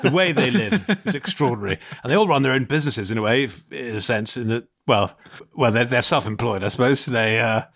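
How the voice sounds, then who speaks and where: A man's voice: medium pitch, fairly quick, creaky, hardly any pauses, a bit bright. A man impersonating a stern older stateswoman. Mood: lecturing. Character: older British woman politician, stern.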